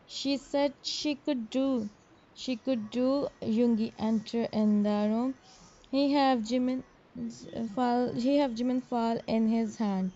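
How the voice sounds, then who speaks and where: A woman reads a fan-written story aloud at a slow, unhurried pace, her voice mellow and a little higher than most. She stops to call out each character's name before their lines. The recording sounds dull and lo-fi. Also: fairly even intonation. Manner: halting, reads character names before each line with simple, non-native English phrasing. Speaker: fanfiction reader.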